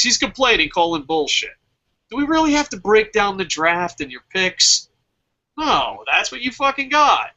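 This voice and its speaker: A man's voice: high voice, sharp tone, low-quality recording. A man hosting a fantasy wrestling draft show, talking in a casual, profane way and laughing at his own jokes.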